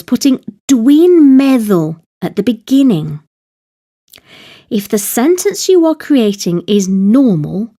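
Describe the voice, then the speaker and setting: Slow, mellow-voiced woman teaching grammar. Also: a little high. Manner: slow, careful, measured delivery. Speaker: language teacher. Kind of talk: scripted Welsh grammar lesson.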